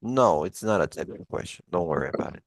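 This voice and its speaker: Deep creaky-voiced male tutor. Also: animated, fast talker, no room sound. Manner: patient, explains with many restarts and "like". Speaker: English test tutor. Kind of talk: one-on-one lesson review.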